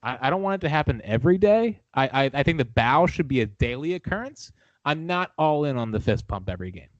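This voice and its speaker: A man's voice: fairly high pitch, big pitch swings, quick pace, dry recording. A man, a guest on a podcast, in casual sports chat, opinionated and enthusiastic. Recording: dull lo-fi recording.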